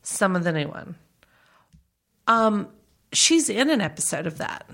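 A woman's voice: mid-range voice, big pitch swings, a little slow, vocal fry, fairly bright tone. A woman with a Southern American accent, chatting and gossiping casually as a podcast co-host, with lots of fillers and laughter. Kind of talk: casual celebrity gossip chat.

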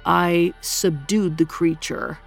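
A woman voicing a brooding, menacing male god who is half beast, speaking in slow, low, terse lines. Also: gravelly, soft background music, exaggerated voice. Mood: sly.

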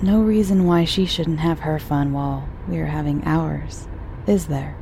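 A woman voicing a smug, flirtatious man with a lowered, easygoing, sly delivery. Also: measured pace, gravelly, mellow, a little hiss or hum. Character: smug, flirtatious grown man, lover of the mother.

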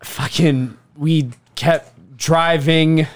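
A man's voice: a little high, fairly even intonation, extremely slow. A young man on a podcast telling a comic story as a rant, swearing often and laughing in exasperation. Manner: profane, exasperated, laughing ranter. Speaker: podcast co-host.

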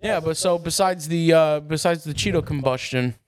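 A man co-hosting a casual podcast chat, talking in an animated way, swearing and laughing often. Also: on the high side, normal speed. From New York. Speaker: podcast co-host.

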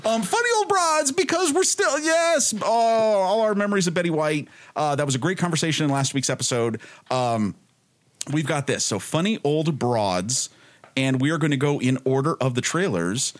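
A man hosting a casual comedy podcast, animated and halting with frequent ums as he runs a movie list game. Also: a little high. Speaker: podcast host. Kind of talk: casual chat.

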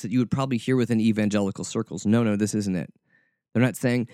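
A man's voice: mid-range voice, expressive, brisk, dark tone, dry recording, clean studio sound. A male preacher giving a conversational sermon, informal and often repeating words as he searches for the next one.

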